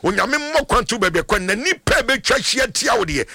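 Fervent Ghanaian pastor, high gravelly voice. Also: male voice, very animated, fast, bright, forceful tone, dry recording. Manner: fervent, sing-song declarative praying. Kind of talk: radio call-in prayer.

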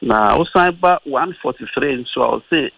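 A man with a Ghanaian accent, a lawyer on a radio talk show, explaining deliberately with hesitations and mixing Twi into English. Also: medium pitch, expressive, gravelly, fairly bright tone, slightly rough, dry recording, low-quality recording. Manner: deliberate, reads constitutional clauses, mixes Twi and English, many hesitations.

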